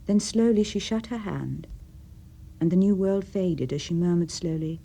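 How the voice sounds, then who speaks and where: Expressive English woman narrating a radio short story, low husky voice. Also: moderate pace. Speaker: reader.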